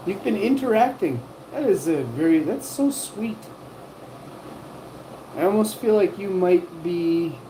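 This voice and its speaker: This livestreamer's mellow voice is on the low side, heard through a low-quality recording with a little hiss or hum. She rambles through live-chat banter, cracking jokes and teasing the people in chat.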